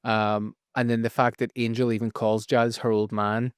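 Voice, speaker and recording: A man with a Northern Irish accent recapping a TV episode in a casual podcast chat, telling it in a lively, profane way. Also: medium pitch, moderate pace, smooth, no echo, studio quality. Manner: animated, profane storytelling with frequent laughs. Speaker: podcast co-host.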